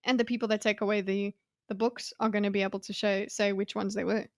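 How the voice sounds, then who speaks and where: A woman co-hosting a casual book club discussion, animated and quick to joke and pick apart plot holes. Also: medium pitch, no echo, clean studio sound.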